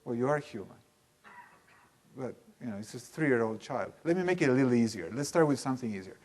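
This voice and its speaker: A man leading a live seminar in a room with an audience, talking in an animated, emphatic way and putting questions to the listeners. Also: mid-range voice, brisk. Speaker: workshop teacher.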